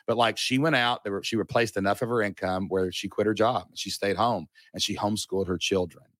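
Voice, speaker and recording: Casting: Kentucky guy in his thirties, lower voice, dry close sound, chatty storyteller. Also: a little fast, no room sound. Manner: animated storyteller, many asides and fillers. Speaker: guest entrepreneur. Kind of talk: casual storytelling interview.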